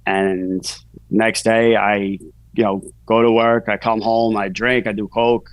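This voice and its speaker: A man's voice: fairly low pitch, level tone, a little slow, no room sound, rough recording. Candid new man telling his story. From New York. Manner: candid, rambling with many "you know" fillers. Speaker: podcast guest, author. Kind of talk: casual storytelling interview.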